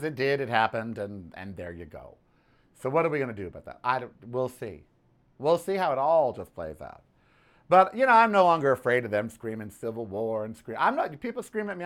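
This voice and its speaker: A man's voice: mid-range voice, a bit bright. A man hosting his own podcast, ranting casually about politics and telling a story with sassy "honey" asides. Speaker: podcast host.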